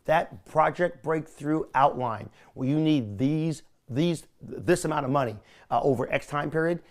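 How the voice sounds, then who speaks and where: Energetic man coaching with swooping intonation. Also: mid-range voice. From California. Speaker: video coach. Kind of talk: coaching session.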